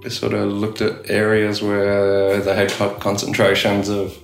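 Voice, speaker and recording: Gravelly low Australian man, echoey room. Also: completely flat delivery, measured pace, soft background music. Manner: rambling, many "you know" fillers and restarts. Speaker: tattoo artist guest. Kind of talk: casual interview chat.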